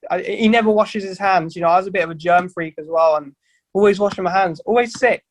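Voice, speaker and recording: A man's voice: high-pitched, fast. A young man, a band's singer, chatting casually on a podcast with loose, rambling sentences and frequent swearing. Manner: rambling, swears freely, many restarts. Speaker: band vocalist guest.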